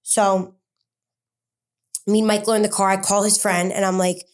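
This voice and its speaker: An interview guest, a woman with a mid-range voice that barely shifts in pitch, relates a personal story in a halting manner. Fillers and restarts abound, broken up by rushed streams of words.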